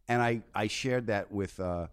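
A man as a podcast guest, telling stories in casual chat with loud excited bursts. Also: lowish voice, a little slow, clear, resonant tone.

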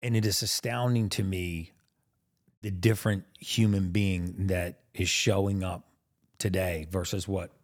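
A man's voice: low voice, little pitch movement, a little slow. A man hosting an interview, talking casually and affirming his guest, with lots of "you know". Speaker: host.

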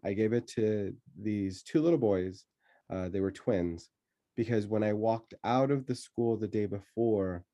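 Low, mellow man telling a story. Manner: laughs often, halting with many fillers. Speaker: guest telling a childhood story. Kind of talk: casual conversational storytelling.

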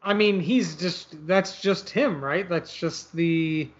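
A man with a notably high voice talks loosely about a film, circling his points with "like" and "I mean." The sound is a little dull and lo-fi. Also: slow pace. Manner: rambling, hedging with fillers. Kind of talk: casual movie discussion. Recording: slightly dull lo-fi audio.

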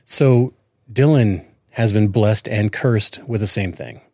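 A man's voice: on the low side, slow pace, a little mellow, dry recording, clean studio sound. A man in his forties co-hosting a podcast, chatting earnestly and often restarting his words. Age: 40s. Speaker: podcast co-host. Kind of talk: casual chat.

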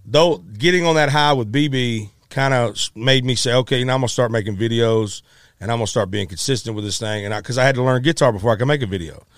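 Animated storytelling man. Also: mid-range voice, fast, no room sound, studio quality. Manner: animated, acts out quotes, stammers and restarts. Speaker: musician telling a story. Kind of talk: casual storytelling.

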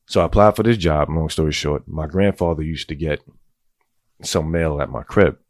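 Deep-voiced New guy, profane storyteller who wanders off on tangents, dry close sound. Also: moderate pace, no room sound. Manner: rambling, streetwise, goes on tangents.

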